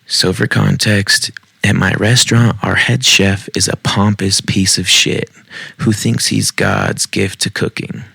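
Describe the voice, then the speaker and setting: A man's voice: low-pitched, steady tone, unhurried, gravelly, bright, forceful tone, slightly rough, no echo. A man hosting a podcast, casually reading online posts aloud with joking, self-mocking asides. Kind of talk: casual read-aloud storytelling. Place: home basement.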